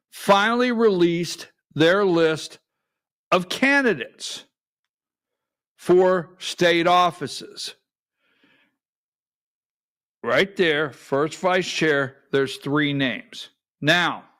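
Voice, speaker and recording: A man's voice: on the high side, a bit bright. A middle-aged man hosting a political talk radio show from a studio, folksy and calling on his producer for clips.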